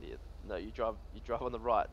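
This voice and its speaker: A man's voice: fairly low pitch, fairly quick. A man playing a patient, procedural police sergeant in a role-play game. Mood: businesslike. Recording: slightly muffled with faint vehicle hum.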